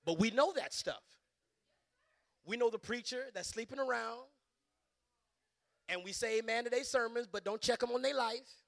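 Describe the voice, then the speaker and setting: A middle-aged man preaches as a bishop in a high, gravelly voice. His sound is dry and close, with no room around it. He builds into loud, fervent peaks and stumbles through repeated restarts. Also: moderate pace, long pauses, no room sound. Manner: impassioned, surging to loud emphatic peaks; stammering restarts and repeated words. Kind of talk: sermon.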